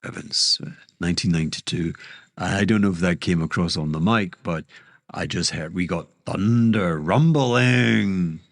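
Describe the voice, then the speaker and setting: A man's voice: low-pitched, moderate pace, dry recording, clean studio sound. A man with a Scottish accent hosting a casual monologue, rambling and interrupting himself, with sudden emphatic outbursts. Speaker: podcast host.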